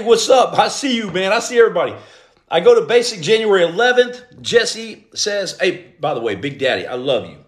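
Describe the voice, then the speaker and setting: A man's voice: high voice, roomy sound. A man hosting a motivational livestream, greeting viewers and reading their comments aloud. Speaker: podcast host, former Navy SEAL.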